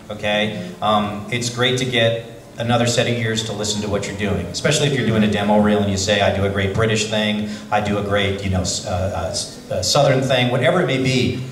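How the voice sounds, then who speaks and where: Chatty man from Brooklyn, echoey hall. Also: lowish voice. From Brooklyn, New York. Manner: chatty, restarts with repeated words, joking. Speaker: voice actor panelist. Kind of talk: convention panel Q&A answer. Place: large convention hall. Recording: roomy hall, far from the mic.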